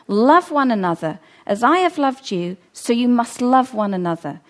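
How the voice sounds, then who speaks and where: A woman's voice: fairly high pitch, big pitch swings, normal speed. A middle-aged woman preaching a sermon, earnest and emphatic, repeating her key phrases.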